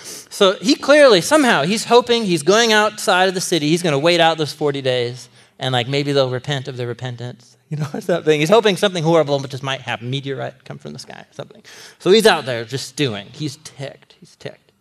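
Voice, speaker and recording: A man teaching a group, his voice sitting a little high and leaping up and down as he plays the story for laughs. He chuckles often and speaks like a storyteller. He sounds to be in his thirties. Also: fairly quick. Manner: animated and comic, laughing as he tells the story. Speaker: Bible teacher. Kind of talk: teaching a sermon series to a live group.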